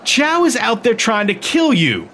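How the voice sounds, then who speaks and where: A man voicing a furious, sharp-tongued woman who patches up a battered fighter in an audiobook. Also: very high voice, wildly swooping pitch, measured pace, voice pushed up, full character voice. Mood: scolding, sarcastic. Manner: scolding, sarcastic.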